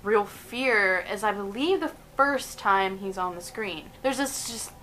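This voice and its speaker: A young woman in her twenties hosting a casual countdown vlog, chatty and animated, often giggling between points. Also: mid-range voice, a little slow, a little hiss or hum, poor audio. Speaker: video host.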